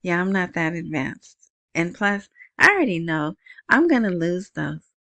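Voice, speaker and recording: Soft-voiced woman rambling slowly. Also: on the low side, sing-song, vocal fry, no echo. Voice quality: soft, small voice. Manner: rambling, chatty, self-interrupting. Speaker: podcast host. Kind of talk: casual solo podcast talk. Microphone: wired earbud mic.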